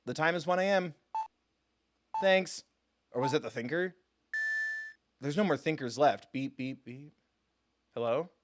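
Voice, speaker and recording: A man hosting a live game stream, chatting casually with quick jokes and self-mocking asides. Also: fairly high pitch, background noise. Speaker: gaming streamer host. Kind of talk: casual live let's-play commentary.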